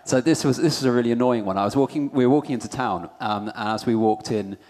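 A man's voice: medium pitch, quick pace, a little mellow, long reverb tail, a little hiss or hum. A man hosting a church conference, upbeat and self-deprecating as he shares his own story. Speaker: conference host.

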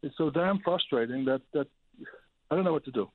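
A man, a hoarse charity manager calling in to a radio show, exasperated and pleading, repeating himself. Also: fairly high pitch, lively intonation, brisk, no room sound. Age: 70s. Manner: exasperated, pleading, repetitive outbursts. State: hoarse, losing his voice. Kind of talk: call-in radio complaint. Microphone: telephone. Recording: tinny phone line.

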